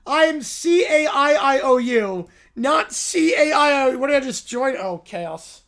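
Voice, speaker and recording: A high-pitched man hosting a loose, chatty livestream. He reads viewer prompts aloud and breaks in with amused, sarcastic asides. His delivery is casual and quick-witted. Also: animated, fairly bright tone. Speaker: livestream host. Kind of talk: casual livestream reaction chat.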